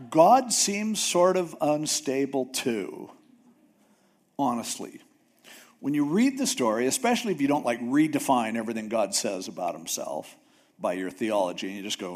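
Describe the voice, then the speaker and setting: A man's voice: mid-range voice, big pitch swings, normal speed, pauses often, darkish tone. A man preaching a casual sermon in a conversational way, often acting out biblical figures. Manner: conversational, acts out Bible figures.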